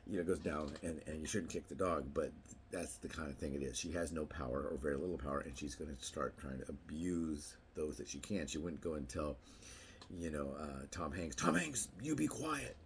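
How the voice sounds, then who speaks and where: A man's voice: extremely low pitch, fairly even intonation, a little fast, a little hiss or hum. A middle-aged man talking casually to camera, telling rambling anecdotes and acting out what people said in a raised voice. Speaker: vlogger.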